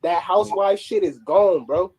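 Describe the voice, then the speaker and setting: High, husky-voiced slangy man. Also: moderate pace, a little mellow, poor audio. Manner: slangy, stumbling over words. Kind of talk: casual livestream chat.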